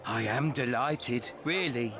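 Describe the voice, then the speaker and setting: A man voicing a smug male bounty hunter in a video game, with a mocking, menacing, drawn-out delivery. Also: medium pitch, music in the background, close to an everyday voice. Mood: threatening.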